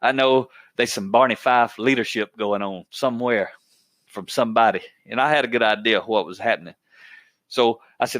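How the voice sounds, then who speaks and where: A man's voice: medium pitch, normal speed, fairly bright tone, no echo. A man hosting a podcast, telling a workplace story in a plainspoken, folksy way, often repeating his words as he goes. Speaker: podcast host.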